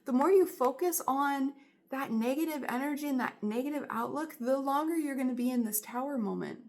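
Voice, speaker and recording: A woman's voice: high-pitched, fairly quick, darkish tone. A woman giving a spiritual tarot reading, speaking in an earnest, encouraging and emphatic way. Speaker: tarot reader.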